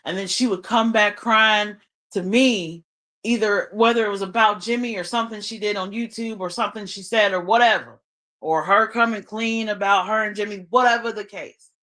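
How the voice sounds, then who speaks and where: A woman's voice: mid-range voice, normal speed, bright, forceful tone. A woman venting on a livestream, talking emphatically and swearing freely about a falling-out. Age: adult mother. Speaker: livestream host. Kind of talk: unscripted livestream monologue.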